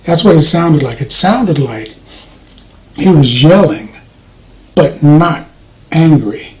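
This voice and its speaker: Man, soft voice that doesn't carry, slightly higher pitch, casual rambling review, lots of fillers. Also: expressive, takes it slowly, rough recording. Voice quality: voice does not carry, soft-spoken. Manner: rambling, hesitant, frequent fillers and restarts. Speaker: movie reviewer.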